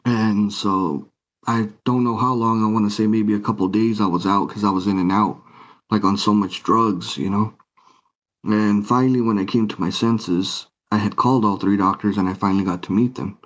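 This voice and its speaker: A man's voice: fairly low pitch, steady tone, normal speed, muffled recording. A man telling his personal story as an interview guest, earnest and emotional, acting out dialogue.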